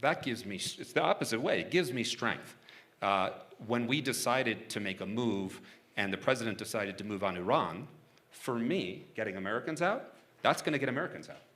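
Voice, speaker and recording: A man's voice: lowish voice, expressive, moderate pace, fairly bright tone. A man being interviewed onstage about his work negotiating for hostages, talking casually and frankly, chuckling often and restarting his sentences.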